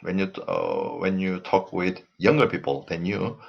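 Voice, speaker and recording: A man with a Korean accent teaching a recorded language lesson, explaining slowly with many fillers and repeating example phrases. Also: sits low, fairly even intonation, vocal fry, husky, highs cut off.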